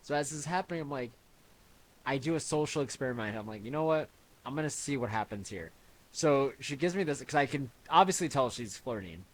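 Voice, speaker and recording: A young man hosting a podcast, telling a story in a relaxed, casual way with quiet asides. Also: mid-range voice, brisk, slight background noise. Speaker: podcast host.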